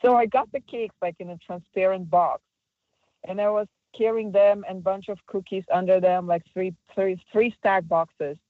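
A woman's voice: mid-range voice, steady tone, moderate pace, no room sound. A woman calling in to a radio show, chatting candidly and rambling a little. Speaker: caller. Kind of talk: candid phone-in chat. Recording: tinny dry phone line.

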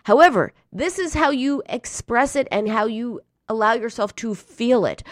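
A woman's voice: fairly high pitch, moderate pace, hardly any pauses, no room sound, clean studio sound. A grown woman talking straight to her listeners in a casual advice talk, earnest and emphatic, now and then acting out feelings in short bursts. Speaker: self-help speaker.

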